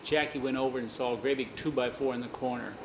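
A man's voice: mid-range voice, fairly even intonation, quick pace, reverberant, dull audio, background noise. A man telling a spooky story aloud, casually repeating "he says" between quotes. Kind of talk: oral storytelling.

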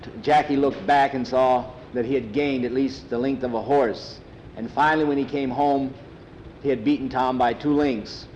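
A man telling a story aloud in a plain, unhurried, homespun way. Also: medium pitch, fairly even intonation, a little mellow, slight background noise, low-quality recording. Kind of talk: oral storytelling.

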